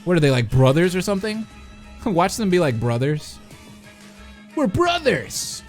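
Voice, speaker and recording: Excitable man reacting to a game. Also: a little high, moderate pace. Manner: excitable, swears and laughs, reads text aloud. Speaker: reaction video host. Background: game music.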